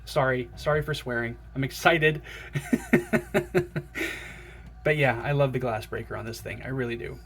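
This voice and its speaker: A man excitedly unboxing and looking over a knife in a casual vlog, gushing and chatting to his viewers. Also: medium pitch, fast talker, few pauses. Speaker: knife collector vlogger.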